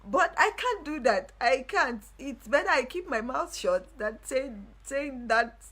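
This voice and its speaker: A young woman hosting a live stream, telling a personal story in casual talk with animated delivery and repeated phrases. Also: high-pitched, measured pace. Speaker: livestream host.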